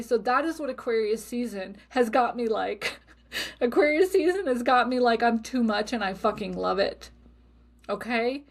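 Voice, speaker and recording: A middle-aged woman talks straight to her listeners in a casual solo podcast. Her voice sits a little high. She is blunt and expressive and swears freely. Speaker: podcast host.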